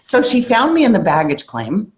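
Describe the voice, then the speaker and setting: A woman's voice: medium pitch, wildly swooping pitch, moderate pace, highs cut off. A woman speaking at a sales training event, telling a story and acting out quoted dialogue with energy. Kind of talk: motivational sales training talk.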